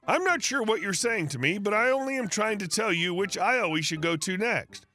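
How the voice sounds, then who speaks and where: A woman's voice: mid-range voice, lively intonation, fairly quick, pushed and bright, faint music behind. A man reading the lines of a frustrated woman shopper in a plain narrating voice. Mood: puzzled. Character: frustrated female shopper, friendly, impatient.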